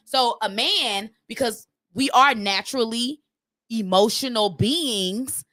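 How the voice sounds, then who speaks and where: A woman's voice: a little high, takes it slowly, sharp tone, no room sound, studio quality. A woman on a podcast panel, arguing in a fiery, profane way and talking over the others. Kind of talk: heated debate.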